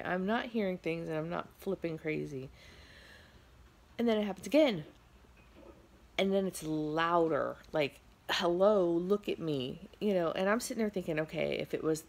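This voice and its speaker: A tired middle-aged woman vlogging from home, telling a rambling story with lots of fillers. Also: lowish voice. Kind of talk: casual storytelling vlog.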